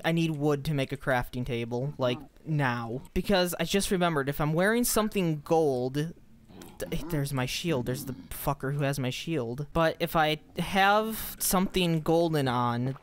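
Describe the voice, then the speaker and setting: Exasperated, foul-mouthed gameplay commentator. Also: mid-range voice. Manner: frustrated, swears freely, talks to game characters. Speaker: gaming channel host.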